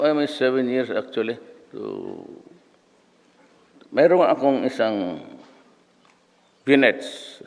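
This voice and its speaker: A man in his seventies with a Filipino accent giving a humorous, rambling commencement speech full of anecdotes. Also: mid-range voice. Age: 70s. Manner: rambling, anecdotal, switching between languages. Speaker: commencement speaker. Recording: long reverb of a large hall.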